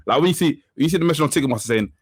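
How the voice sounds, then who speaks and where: A man's voice: a little high, very fast, husky, dry recording. A man with a London accent, chatting casually as a podcast guest and acting out quotes as he tells stories. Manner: animated storyteller, acts out quotes. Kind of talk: casual chat.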